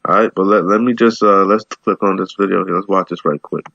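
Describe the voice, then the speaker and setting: A man reads scripture aloud and riffs on it in a loose, slangy, rambling way. His voice sits fairly low. The sound is dry and a little muffled. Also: steady tone, brisk, gravelly, a bit bright, no room sound. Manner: streetwise, slangy, rambling, says "man" a lot. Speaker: bible teacher. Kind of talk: casual scripture commentary.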